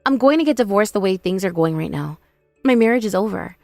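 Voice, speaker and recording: A woman's voice: mid-range voice, expressive, brisk, vocal fry, darkish tone, no echo, soft background music. A woman voicing a remorseful young sister-in-law who pleads and whines for forgiveness. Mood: pleading. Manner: pleading, whiny, self-pitying.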